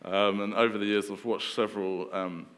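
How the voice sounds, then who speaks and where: A man in his thirties preaching a sermon in a relaxed, conversational way, with fillers and restarts. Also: lowish voice, moderate pace, in a large hall.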